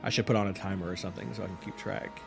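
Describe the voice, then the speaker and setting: A man's voice: sits low, steady tone, racing, gravelly, over music. A man hosting a live reaction stream, chatting casually with viewers in a rambling, apologetic and self-mocking way.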